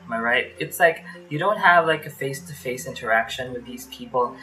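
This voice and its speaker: A man's voice: medium pitch, a little fast, bright, forceful tone, faint music behind, rough recording. A man from the Philippines vlogs about his call center days from his small bedroom, a fan humming nearby. He talks in a loose, chatty way, full of fillers, and acts out his phone calls as he goes. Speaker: vlogger. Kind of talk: casual storytelling vlog.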